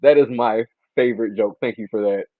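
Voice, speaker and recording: Male radio host, relaxed and halting, over a thin phone-like line. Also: on the low side, no room sound. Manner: laid-back, hesitant, filler-heavy. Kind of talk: casual interview chat.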